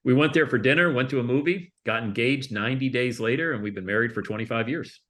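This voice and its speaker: A man's voice: mid-range voice, quick pace, a bit bright. A man in his fifties from the Buffalo area, a guest telling his life story in a casual interview and acting out the voices of people he quotes. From Buffalo, New York area.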